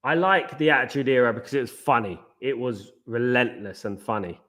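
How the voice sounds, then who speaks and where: This watchalong host is a man with a medium-pitched, fairly bright voice who talks fairly quickly. Hosting a live football stream, he keeps things chatty and rambling, wandering off onto tangents.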